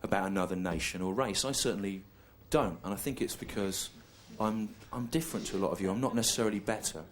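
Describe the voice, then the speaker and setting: A man from England performing a live stand-up routine, deadpan and ironic, with halting self-corrections. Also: on the low side. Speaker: stand-up comedian. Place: live comedy venue. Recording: noisy live stand-up recording.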